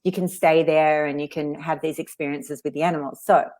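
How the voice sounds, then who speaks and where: A woman's voice: low voice, steady tone, darkish tone. A woman, hosting a casual interview and telling a story in a chatty way. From Australia. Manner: chatty, with fillers and quick asides. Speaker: host.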